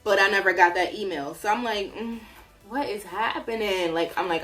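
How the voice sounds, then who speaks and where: A woman's voice: mid-range voice, moderate pace, fairly bright tone, soft background music. A woman vlogger telling a story in a casual way, acting out her own reactions as she goes.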